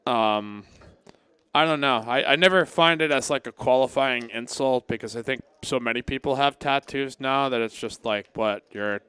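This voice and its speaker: A man calls a live poker game and chats loosely with his viewers. His talk rambles and is peppered with casual swearing. His voice sits at an ordinary middle pitch. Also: moderate pace, bright, forceful tone, clean tone, dry recording. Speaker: poker stream commentator. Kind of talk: live commentary and chat reading.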